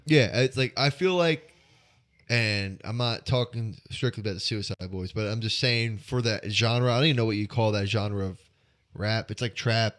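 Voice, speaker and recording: A man's voice: on the low side, moderate pace, a bit bright. A man co-hosting a podcast, talking in a casual, rambling way with a nasal voice and lots of swearing. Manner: rambling, profane, joking. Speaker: podcast co-host. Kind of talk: casual chat.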